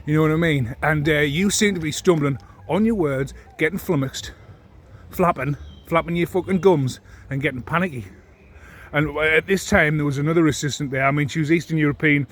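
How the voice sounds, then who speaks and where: A man's voice: a little high, brisk, slight background noise. A man, ranting into his phone with heavy swearing and indignant repetition. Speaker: vlogger. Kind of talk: ranting monologue to camera.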